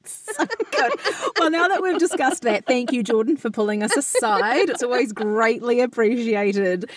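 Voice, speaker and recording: A woman with a New Zealand accent co-hosting a podcast, chatty and quick to laugh, explaining things at length. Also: a little high, animated. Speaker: podcast co-host. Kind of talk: casual chat and explanation.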